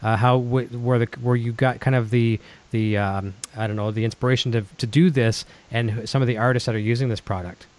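A man's voice: medium pitch, steady tone, a little fast, few pauses. A man hosting a casual live-streamed interview, rambling into his questions with plenty of fillers and restarts. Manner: rambling, friendly with many fillers. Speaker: livestream show host.

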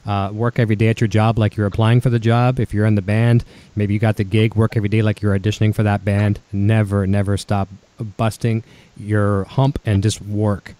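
A man's voice: lowish voice, flat delivery, fairly quick, dark tone. A man with a Canadian accent hosting a casual online chat show, upbeat and effusive with his guests. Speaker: show host. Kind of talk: casual video-call chat.

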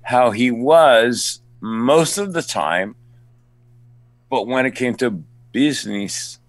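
Brief: male actor guest, mid pitch, lively anecdotes, close dry sound. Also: slow pace, dry recording. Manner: animated storyteller, acts out fans, stammering restarts. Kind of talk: casual interview storytelling.

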